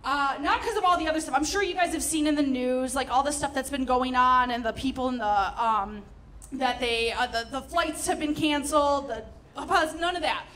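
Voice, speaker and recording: A young woman performing a stand-up comedy set, telling stories with animated, sarcastic asides. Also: high-pitched, normal speed.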